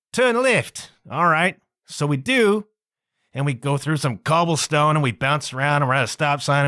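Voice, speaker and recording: A man telling a rambling road-trip story on his podcast, his voice swooping up and down as he exclaims and drags out words for effect. The tone sits a bit high for a man and sounds close and dry, with no room around it. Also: no room sound. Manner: animated, exclaiming, drawn-out words for emphasis. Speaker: podcast host. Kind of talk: casual storytelling monologue.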